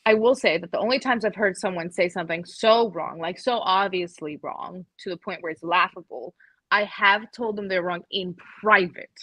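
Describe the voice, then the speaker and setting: A woman's voice: medium pitch, moderate pace, bright, forceful tone, dry recording. Emphatic swearing woman in casual chat. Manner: emphatic, swears, laughs often. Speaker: podcast co-host.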